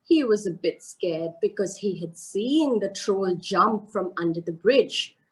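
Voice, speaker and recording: A woman narrating a children's story live, animated and sing-song, asking her listeners questions. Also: medium pitch, measured pace, low-quality recording.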